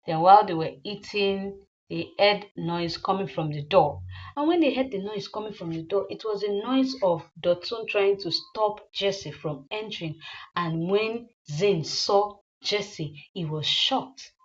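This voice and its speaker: A woman's voice: mid-range voice, expressive, a little slow, dull audio. Woman casually retelling a movie. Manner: rambling, with fillers and repeats. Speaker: movie recapper.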